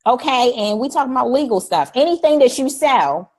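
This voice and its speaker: A middle-aged woman hosting a live stream, talking in an energetic, preachy way, repeating "y'all" and acting out polite phrases. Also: high-pitched, a little fast. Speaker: host. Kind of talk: energetic livestream talk.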